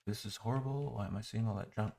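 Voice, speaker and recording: A man's voice: fairly low pitch, fast, creaky, mellow. A man giving an exasperated, sarcastic running critique of an app while muttering and clicking through it. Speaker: software reviewer. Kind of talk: screen-recorded software critique.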